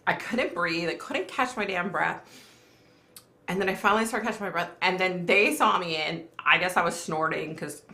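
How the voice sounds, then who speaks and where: A middle-aged woman hosts a casual live chat, laughing easily and reading comments as she goes. Her voice sits low with a gravelly edge but sounds bright and forward. The room around her is echoey. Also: normal speed. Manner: chatty, laughs often, reads viewer comments aloud. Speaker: livestream host.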